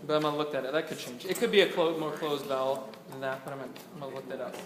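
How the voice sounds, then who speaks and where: In a rehearsal room, a man with a medium-pitched, steady voice races along as he directs a choir, patiently modeling words for the singers to repeat. The recording is echoey and distant, with music present.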